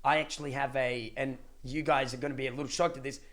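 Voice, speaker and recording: Young man telling a story. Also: medium pitch. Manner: animated, emphatic repetitions and dramatic pauses; swears casually. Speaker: streamer. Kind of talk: casual storytelling to a live chat.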